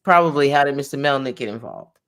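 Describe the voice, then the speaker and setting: A woman's voice: extremely low pitch, lively intonation, fast talker. Woman attorney reading out a transcript. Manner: reads each speaker's name before their line. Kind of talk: reading a court transcript aloud, explaining it.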